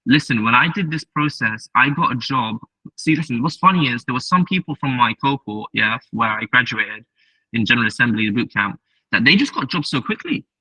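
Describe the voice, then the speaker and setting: A man giving a casual tech talk as a software engineer, telling stories and acting out the dialogue in a chatty, direct way. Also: medium pitch, animated, brisk, breathy edge, no room sound. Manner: acts out dialogue in quoted voices, chatty and direct. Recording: distant mic, dull lo-fi sound.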